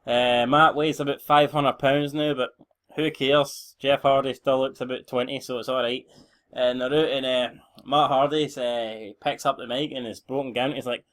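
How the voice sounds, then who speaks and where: A man's voice: mid-range voice, level tone, normal speed, fairly bright tone. A young Scottish man giving rambling, blunt, sweary commentary on a game he is playing. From Scotland. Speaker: gaming channel host.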